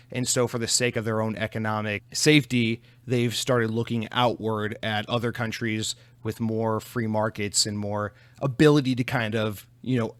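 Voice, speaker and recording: A man's voice: mid-range voice, a bit bright, dry recording. A man in his twenties hosting a casual solo podcast, rambling, profane and self-deprecating into a podcast microphone. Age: 20s. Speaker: podcast host.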